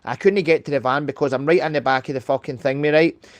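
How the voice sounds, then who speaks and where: Fast-talking Scottish man on a livestream. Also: fairly high pitch, dry recording. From Scotland. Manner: rapid, swearing, rambling storytelling. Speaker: livestream host. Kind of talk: casual chat on a live stream.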